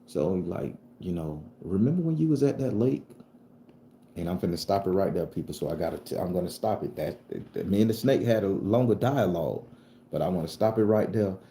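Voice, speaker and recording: Very deep-voiced man telling a spooky story. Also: fairly quick, slight background noise. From southern Florida. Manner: profane, animated, acts out dialogue. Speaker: storyteller and channel host. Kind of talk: casual spoken ghost story. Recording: echoey room.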